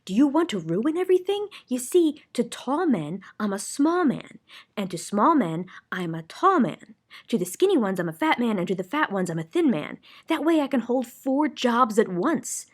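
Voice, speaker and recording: A proud, scatterbrained ordinary man, voiced by a woman reading a storybook. He bounces between bright exclaims and puzzled musing, his voice rising and falling a lot. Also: on the high side, very animated, moderate pace, slightly rough, pitched above the performer's own voice. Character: odd ordinary man, proud, forgetful, fussy.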